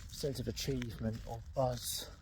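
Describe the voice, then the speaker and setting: A middle-aged man in pain talks candidly while walking his dog along a country lane. His voice is mellow and his speech rambles, full of ums. An earbud mic picks him up, with faint outdoor ambience behind. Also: mid-range voice, flat delivery, normal speed, a little hiss or hum. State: in pain, limping. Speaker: vlogger. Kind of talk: casual walking vlog.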